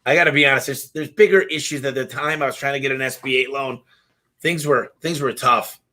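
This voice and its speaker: A fired-up man on a live stream, telling stories in an animated, casual way. His voice is bright and forceful and pushes hard through each point. He swears casually and slides straight from one anecdote into the next. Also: mid-range voice, brisk. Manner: energetic, passionate, swears casually. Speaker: business owner hosting a live Q&A.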